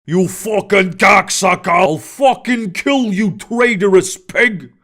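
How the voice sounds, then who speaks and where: A man's voice: high-pitched, slow pace, pushed and bright, exaggerated voice. A man voicing a furious male orc thug who roars and swears in an audiobook story. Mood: enraged. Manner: roaring, swearing.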